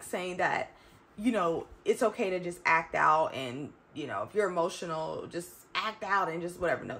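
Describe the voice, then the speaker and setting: A woman's voice: on the low side, gravelly, fairly bright tone. A woman in her thirties talking to her viewers in a chatty, emphatic way, often calling them y'all. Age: 30s. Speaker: vlogger. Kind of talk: reflective casual talk to camera.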